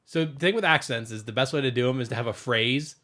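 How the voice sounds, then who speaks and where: A man with a bright, forceful voice chats casually on a podcast. He reads out food trivia, tripping now and then on words. His pitch sits in an ordinary middle range. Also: fast. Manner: reads out trivia with small stumbles. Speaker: podcast co-host. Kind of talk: casual chat.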